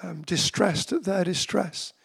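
A man preaching a sermon in a conversational way, slowing down to repeat key phrases with emphasis and asking listeners direct questions. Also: sits high, gravelly, a bit bright, slightly rough. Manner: conversational, with slow emphatic repetitions.

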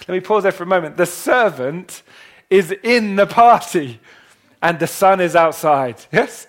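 A man preaching to a congregation with a somewhat high voice. He tells a parable dramatically, dropping to a hush and then rising loud. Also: lively intonation, unhurried. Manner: dramatic, swings from hushed to loud. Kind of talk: sermon reading and retelling a parable. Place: church hall with a congregation.

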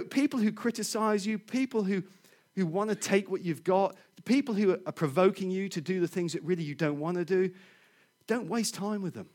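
A middle-aged man preaching, telling a personal story in an animated way, laughing often and repeating words. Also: high-pitched.

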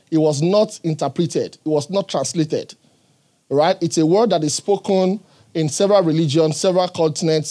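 A man's voice: on the high side, mellow. A man preaching a sermon in an earnest, emphatic way, often checking in with the congregation.

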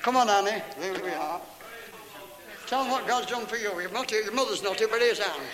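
A man's voice: high voice, brisk. A man preacher leading a revival meeting, urging and introducing speakers from the congregation. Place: church hall. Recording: roomy hall with crowd.

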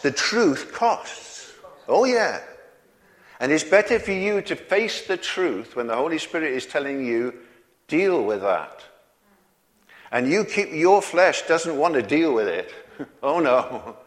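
A man's voice: on the high side, lively intonation, measured pace. A man preaching a sermon in a folksy way, chuckling often and asking the congregation questions. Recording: long hall reverb.

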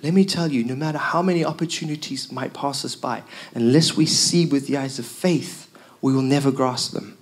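A man's voice: mid-range voice, moderate pace. A man preaching a sermon as pastor, telling the story with emphatic repeated lines.

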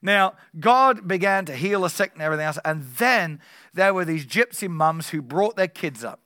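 A man preaching a sermon to a church meeting, emphatic and slowing down on key phrases. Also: high-pitched, expressive, sharp tone, no echo, clean studio sound.

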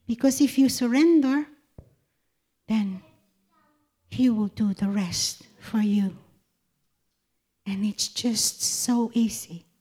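A woman's voice: fairly high pitch, slow pace, pauses often, mellow, slightly rough. A woman giving an emotional devotional testimony, fervent and tearful, often breaking into laughter. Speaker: speaker sharing a Christian testimony.

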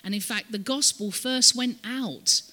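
A woman's voice: on the high side, a little slow, sharp tone. A woman speaking as a visiting ministry guest at a church, telling the story and having the audience repeat words after her. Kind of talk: church talk, teaching. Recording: long reverb of a church hall.

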